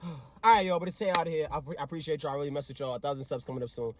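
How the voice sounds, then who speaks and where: A young man vlogging a storytime, excitable and slang-heavy, acting out both sides of a conversation. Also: a little high, very fast, noisy background. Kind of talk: animated storytime vlog.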